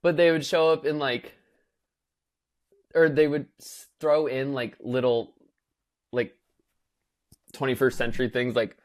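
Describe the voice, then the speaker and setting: Young man, podcast co-host, casual chat, middle pitch, animated, acts out quotes, filler-heavy. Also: moderate pace, long pauses.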